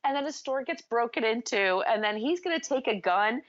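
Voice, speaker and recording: Animated woman podcast host, lo-fi sound. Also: fairly high pitch, brisk. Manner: animated, acts out movie characters with shouting. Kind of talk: casual chat.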